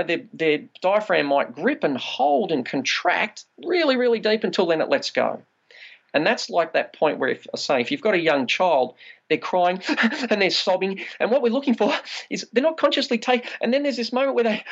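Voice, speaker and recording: A man's voice: fairly high pitch, creaky, fairly bright tone, slightly rough, highs cut off. A man, a trauma release practitioner, explaining body practices in a conversational podcast interview and acting out quoted inner voices.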